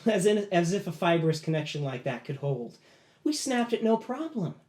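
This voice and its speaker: A man's voice: sits high, big pitch swings, moderate pace, a little mellow, echoey room, pitched above the performer's own voice. A man doing a smug demonic owl familiar. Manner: smug, teasing. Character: sly demonic cyborg owl familiar, male.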